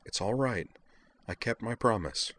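A man reading the part of a fierce, protective female companion, speaking gently and soothingly in a raised voice. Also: low-pitched, lively intonation, moderate pace.

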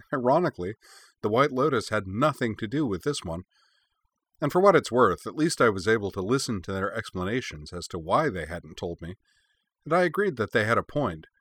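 A man's voice: lowish voice, a bit bright, husky, dry recording. A man voicing a bold, cheerful young woman hero who talks in a breezy, playful way.

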